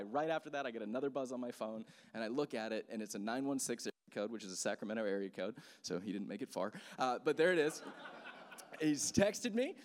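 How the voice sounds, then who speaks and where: A man in his thirties telling a personal story as a sermon, speaking casually with many fillers. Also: medium pitch. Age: 30s. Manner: conversational, animated, many fillers. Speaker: pastor. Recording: long hall reverb.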